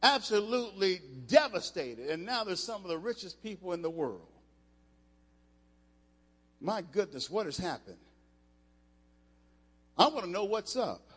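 An older man preaching a sermon, emphatic and rising to loud passages, with frequent restarts. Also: sits high, very animated, measured pace, pauses often, slightly rough. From United States. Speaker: preacher, former football player. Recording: echoey hall.

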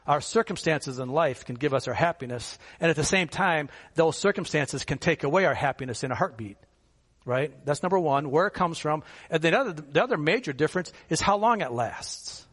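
Preaching in a friendly, conversational style, a male pastor poses rhetorical questions to his congregation in an animated, brisk delivery. His slightly higher-than-average voice is a bit bright and husky, and a long reverb from the church sanctuary lingers after each phrase.

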